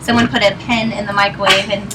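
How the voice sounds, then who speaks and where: A woman in her twenties from Northern Virginia presents at a meeting before a live audience, telling a story in a chatty way and laughing as she goes. Her mid-range voice is flat and fast. The mic is distant and the noise is clearly audible.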